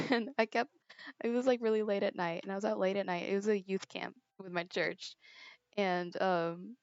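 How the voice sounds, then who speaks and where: A mid-range, darkish female voice in a dry recording. The speaker is a teenage girl streaming a game, chatting casually with a meandering story and frequent giggles, captured on a dull, lo-fi earbud headset mic.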